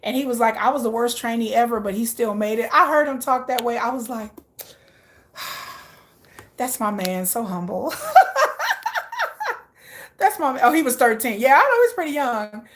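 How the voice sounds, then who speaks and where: Woman vlogger, slightly high-pitched, excitable casual chatter, laughs a lot. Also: fast talker, hardly any pauses, a little hiss or hum. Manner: reacts aloud to viewer comments. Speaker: K-pop vlogger. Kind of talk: casual chat.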